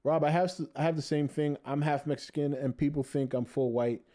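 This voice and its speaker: A man's voice: a little high, steady tone, fairly quick, mellow. A man hosting a casual podcast, reading viewer comments aloud and joking with the chat. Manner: laid-back, jokey, reads viewer comments aloud.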